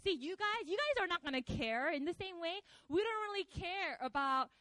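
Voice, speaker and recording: A woman delivers a sermon in a chatty, animated way, talking straight to her listeners. Her voice sits high and moves a lot in pitch. The sound is dry and close, with no room echo. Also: normal speed. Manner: animated, conversational, acts out the quotes. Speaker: preacher.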